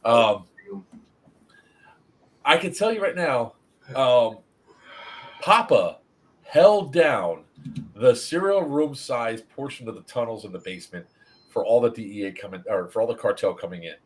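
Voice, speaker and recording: A man hosts a relaxed stream, recounting an event with plenty of profanity. His pitch rises and falls a lot as he talks, at an average middle height. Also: measured pace, pauses often. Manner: animated, swears freely, storytelling. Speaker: event organizer hosting a review stream. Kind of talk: casual stream chat.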